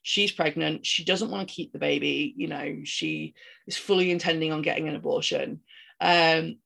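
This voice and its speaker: A woman's voice: low-pitched, animated, moderate pace, gravelly, fairly bright tone. A woman co-hosting a podcast, casually retelling a film's plot in a rambling way, with many ums and restarts. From outside the United States. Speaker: podcast co-host. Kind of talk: casual film-recap chat.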